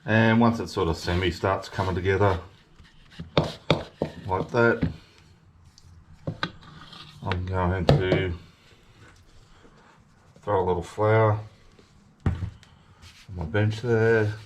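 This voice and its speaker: A man with a very deep, low voice gives a casual cooking demonstration in his home kitchen. He chats easily and talks through each step as he works. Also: steady tone, slow, pauses often, noisy background. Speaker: home cooking channel host.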